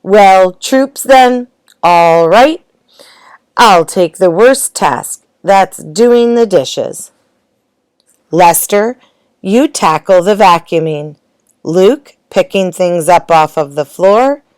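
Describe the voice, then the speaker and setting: A woman's voice: on the low side, animated, darkish tone, smooth, dry recording. Woman playing a bossy, cheerful elephant dad. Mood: commanding. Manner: brisk commanding, drill-sergeant orders.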